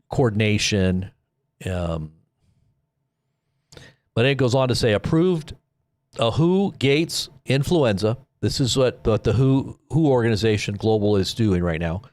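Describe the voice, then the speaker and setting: A man delivers rambling, preachy warnings to his listeners, his pace speeding up and slowing down as he drives each point home. The sound is dry and close, with no room around it. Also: lowish voice, a little mellow, no room sound. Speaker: commentary host. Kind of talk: live political commentary.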